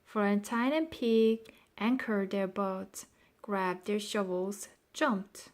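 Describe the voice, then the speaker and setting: Slow, expressive woman reading a story. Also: medium pitch. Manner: slow and expressive, slips into soft whispers. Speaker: storybook narrator. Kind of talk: scripted narration.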